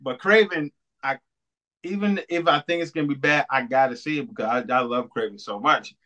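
A man co-hosting a podcast in casual chat, animated, swearing a lot and laughing often. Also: medium pitch, a little fast, low-quality recording. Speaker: podcast co-host.

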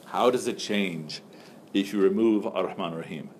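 A man's voice: deep voice, moderate pace, noisy background. A man teaching a religious text class in a loose, joking, conversational way, asking his students questions.

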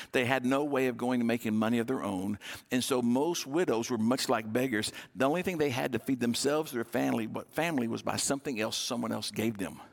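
A man preaching a sermon from the pulpit at a middle pitch. He tells the story lively, stepping into the characters' voices as he goes. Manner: storytelling, acting out biblical dialogue. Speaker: pastor.

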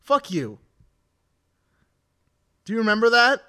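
A man's voice: sits high, big pitch swings, slow, sharp tone, smooth. A man co-hosting a comedy podcast, ranting in an exasperated, profane way in casual chat. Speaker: podcast co-host.

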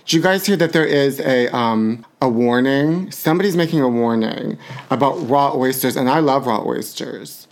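A man's voice: mid-range voice, normal speed, gravelly. A middle-aged man hosting a podcast, delivering a flamboyant, sassy celebrity gossip monologue and calling listeners honey. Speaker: podcast host.

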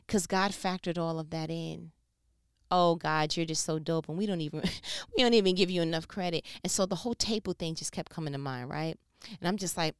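A woman preaching a sermon in an animated, conversational way, jumping between quiet asides and loud exclamations. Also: fairly low pitch, fairly quick, clean tone, dry recording, clean studio sound.

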